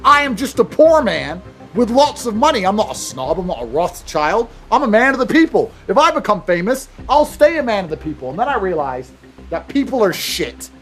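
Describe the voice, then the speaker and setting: A man's voice: high-pitched, big pitch swings, moderate pace, fairly bright tone. A man from England, telling a profane, blunt story and acting out both sides of each exchange. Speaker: motivational speaker. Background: faint music.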